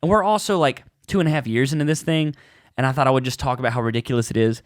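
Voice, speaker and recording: Animated male comedian, dry close mic, chatty storyteller who jumps into voices. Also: mid-range voice, racing, dry recording. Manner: animated, acts out voices in his stories. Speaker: podcast co-host, comedian. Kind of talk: casual storytelling chat.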